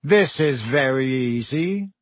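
A man's voice: medium pitch, lively intonation, slow, no room sound. A man doing a drawling, sneering schoolboy. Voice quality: drawling, then shrieking in panic. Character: sneering spoiled teenage boy, drawling.

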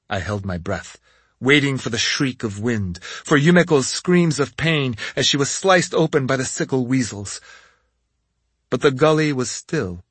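A man reads a fantasy story aloud in first person, his husky voice rising and falling with lively expression. The delivery is dramatic, and the recording is close and dry with no room sound. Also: mid-range voice, unhurried, no echo. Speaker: audiobook narrator. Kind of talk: scripted first-person audiobook narration.

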